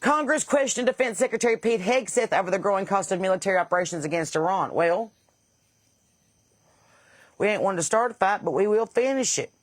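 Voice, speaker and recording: A woman's voice: mid-range voice, animated, a little fast, no room sound. A woman podcast host with a Southern accent, blunt and sarcastic in casual comedic talk, laughing at her own jokes and a bit stuffy from sinus trouble.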